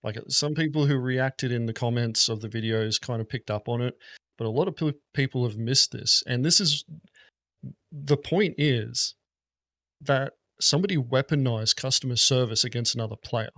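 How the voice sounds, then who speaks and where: A man's voice: mid-range voice, normal speed, dry recording, studio quality. A man, a gaming content creator, rambling and swearing in a casual podcast chat. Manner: rambling, profane, animated.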